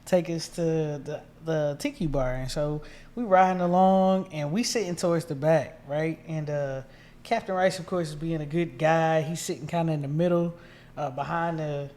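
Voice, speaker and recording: A young man co-hosting a podcast, telling a story step by step in lively, casual slang. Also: a little high, normal speed. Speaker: podcast co-host. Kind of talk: casual travel recap chat.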